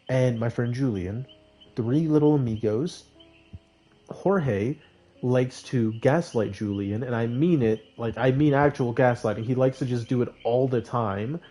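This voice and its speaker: A young man streamer telling casual stories with animated, laughing delivery and high squeaky outbursts when quoting himself. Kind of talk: casual storytelling.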